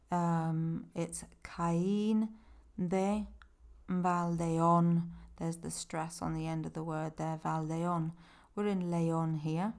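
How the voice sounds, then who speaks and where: Slow, gravelly-voiced woman guide. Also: fairly low pitch, a little mellow. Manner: explains slowly and patiently, with fillers. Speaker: tour company presenter. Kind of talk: voice-over pronunciation guide.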